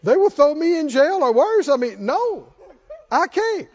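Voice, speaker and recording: A man's voice: very high-pitched, sing-song, a little slow, a little mellow, voice pushed up, full character voice. A man preacher voicing Moses as a stammering, reluctant man making excuses, in a dull lo-fi recording. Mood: pleading. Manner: stuttering, pleading excuses.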